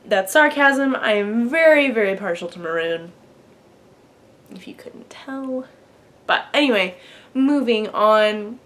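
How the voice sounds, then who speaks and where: A woman's voice: fairly high pitch, lively intonation, slow pace, pauses often, a bit bright. A young woman in her twenties hosting a knitting podcast, chatting to camera at home in a bubbly, rambling way full of fillers. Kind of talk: casual chat to camera.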